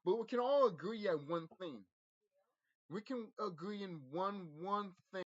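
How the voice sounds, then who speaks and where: A man's voice: high-pitched, measured pace, fairly bright tone. A man vlogging a rambling spiritual monologue, intense and profane, often repeating himself and restarting his sentences. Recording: dull lo-fi audio.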